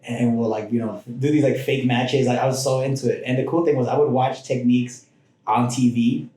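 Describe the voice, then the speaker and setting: Rambling mellow-voiced man telling stories. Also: medium pitch, steady tone, a little fast. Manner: rambling, with frequent restarts and asides. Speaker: podcast guest. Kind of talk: casual personal storytelling. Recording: roomy echoing room.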